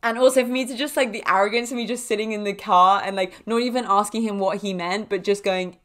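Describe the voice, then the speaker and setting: A young woman talks through her week on her own podcast. She tells stories in a loose, animated way, full of little fillers and quick laughs. Her voice sits at an everyday middle pitch. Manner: chatty, animated, laughs often, many fillers. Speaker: podcast host. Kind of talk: casual storytelling monologue.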